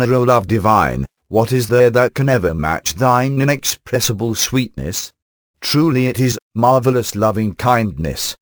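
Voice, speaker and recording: A man preaching a sermon in formal, old-fashioned language with a measured delivery. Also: medium pitch, dry recording, studio quality. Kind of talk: sermon reading.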